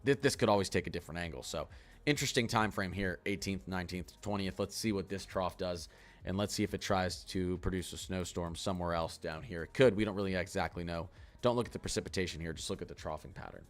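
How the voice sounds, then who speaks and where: Low in pitch, a man rattles off a casual livestream weather forecast, excitedly talking his way through the model maps at a fast clip.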